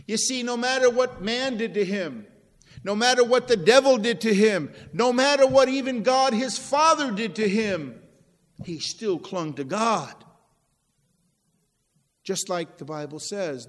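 A man preaching a sermon, slow and deliberate, swinging from loud stresses to near-whispered drops. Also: high-pitched. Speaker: pastor. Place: church. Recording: long reverb in a large hall.

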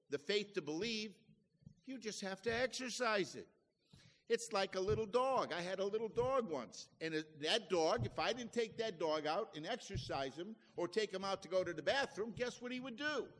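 A man's voice: sits high, animated, moderate pace, a bit bright, big-room sound. A man preaching a sermon as a pastor, with folksy, conversational asides.

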